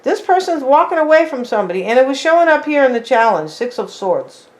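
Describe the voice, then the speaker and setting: Speaking fast and very animated, a woman with a somewhat high voice walks her viewers through a tarot spread. Her delivery is loose and chatty, peppered with "like" and "right?", and she addresses the audience directly as "you guys".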